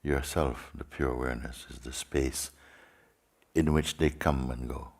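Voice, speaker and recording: A man as a spiritual teacher leading a guided meditation in slow, sparse phrases with long pauses. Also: very deep voice, fairly even intonation.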